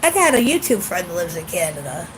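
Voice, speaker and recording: A woman's voice: lowish voice, big pitch swings, fast talker, a little hiss or hum, poor audio. A woman venting in a casual vlog, blunt and profane, sounding congested, recorded outdoors on a phone camera. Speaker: vlogger.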